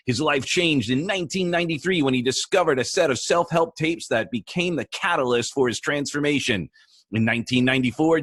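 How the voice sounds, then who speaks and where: A man's voice: fairly high pitch, fairly bright tone, slightly rough, no echo. A man hosting an interview show, reading a guest's introduction in an upbeat announcer style and then chatting casually. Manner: upbeat, mock radio-announcer delivery. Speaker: show host.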